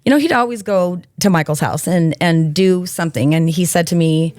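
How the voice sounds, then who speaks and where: A woman guest telling stories in a casual chat, animated and acting out what others said. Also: fairly low pitch, moderate pace, no room sound, clean studio sound. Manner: animated storyteller, acts out quotes. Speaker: guest, author. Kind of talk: casual storytelling.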